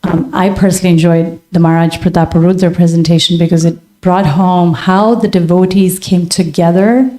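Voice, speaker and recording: Lady asking a long rambly question, lowish mellow voice. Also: fairly even intonation, brisk, hardly any pauses. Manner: earnest, rambling, many fillers. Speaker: audience member asking a question. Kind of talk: earnest question at a Q&A.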